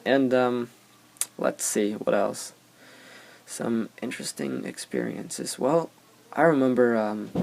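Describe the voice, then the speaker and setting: A man's voice: medium pitch, creaky, darkish tone. A young man hosting a casual podcast, telling rambling anecdotes with many fillers. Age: young adult. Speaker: podcast host.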